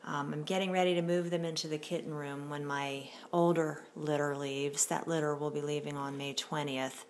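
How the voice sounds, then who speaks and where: A woman breeder chatting casually as she films her kittens at home, unhurried and full of fillers. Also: low-pitched, flat delivery, a little hiss or hum. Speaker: cat breeder. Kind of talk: casual home video narration.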